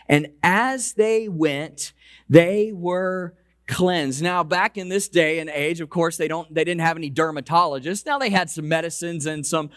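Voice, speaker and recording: A male pastor preaching a conversational sermon, slowing down and dropping his voice to stress key points. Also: dry recording, studio quality. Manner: slows and lowers voice for emphasis; conversational preaching with repeated restarts. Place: church sanctuary.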